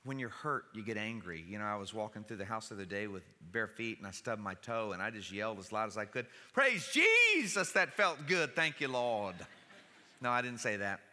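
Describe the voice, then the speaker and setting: A man delivers a sermon in a church, with a bright, forceful voice. He talks conversationally and slips in dry jokes, and the sound carries a long hall reverb. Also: on the low side, quick pace, few pauses. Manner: conversational preaching with wry humor. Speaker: pastor. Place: church sanctuary.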